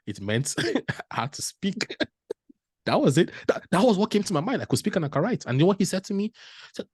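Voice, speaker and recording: A man tells a motivational story with a lively, swooping pitch that rises and falls sharply. He laughs easily and acts out the people in his story, and his voice sounds dry and close, with no room echo. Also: brisk, pauses often, slightly rough. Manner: animated, laughs often, acts out dialogue. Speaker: panel speaker.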